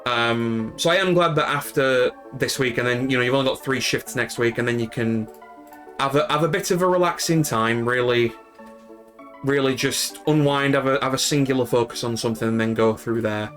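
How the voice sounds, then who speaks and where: A man from Yorkshire, in the north of England, chats casually and rambles to his live stream viewers in a Yorkshire accent, full of fillers and restarts. His voice sits at medium pitch with a fairly bright tone and normal speed, over soft background music.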